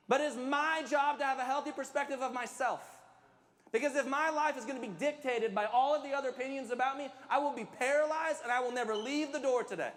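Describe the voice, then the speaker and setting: A man with a high voice preaches a sermon, talking to the congregation in an emphatic, conversational way and poking fun at himself. His voice rings with a long reverb, as if carried through a large hall. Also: a bit bright. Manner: emphatic, conversational preaching with self-deprecating humor. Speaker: pastor.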